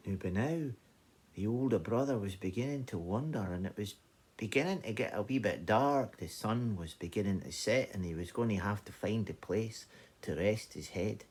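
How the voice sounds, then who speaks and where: A Scottish man telling an old folk tale in a lively, conversational way. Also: lowish voice, moderate pace, a little hiss or hum. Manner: animated, conversational narration. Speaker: storyteller. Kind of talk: oral folk-tale storytelling.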